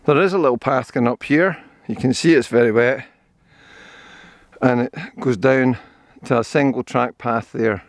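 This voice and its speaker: This vlogger, an older Scottish man, speaks at a moderate pace in a medium-pitched voice, captured with clean studio sound and no room noise. Holding a camera, he jogs and strolls a forest trail, chatting happily about the scenery.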